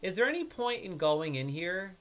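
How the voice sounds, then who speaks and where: A man's voice: high voice, big pitch swings, normal speed, fairly bright tone. A man with a New York accent giving live gameplay commentary, chatting straight to his viewers. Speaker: streamer.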